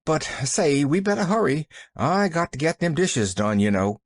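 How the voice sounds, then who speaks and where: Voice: medium pitch, sing-song, moderate pace, no room sound, clean studio sound, pitched above the performer's own voice. A reader voicing a kindly, flustered young servant woman with folksy rural dialect and sudden exclamations.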